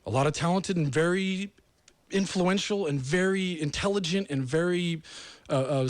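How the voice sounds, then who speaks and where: A man's voice: on the high side, no echo. A middle-aged man from the United States hosting his own show, rambling and self-deprecating as he tells stories. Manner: rambling, self-deprecating, animated storytelling with acted quotes. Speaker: host. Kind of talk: casual monologue.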